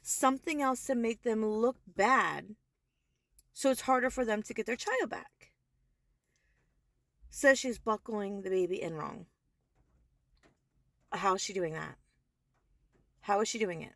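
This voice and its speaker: A woman's voice: medium pitch, unhurried, long pauses, a bit bright, no echo. A young adult woman in a heated, profane social media rant, speaking emphatically and swearing often. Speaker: vlogger.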